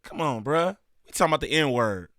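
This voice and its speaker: A man hosting a reaction video, talking in a casual, animated way with loud bursts, low mutters and frequent laughs. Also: fairly quick, no echo, clean studio sound.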